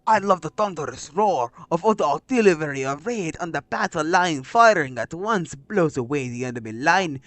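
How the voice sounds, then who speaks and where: A man reads out a zealous military commander from a manga, savoring every line. The voice sits a little high and the sound is close and dry. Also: fairly bright tone, no echo. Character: fanatical male army commander, war-loving.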